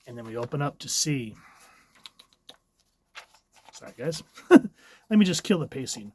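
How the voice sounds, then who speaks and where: A man's voice: mid-range voice, very animated, measured pace, pauses often, a little mellow, slight background noise. Chatty man reviewing comics. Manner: chatty, enthusiastic, a bit rambling. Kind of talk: casual review narration.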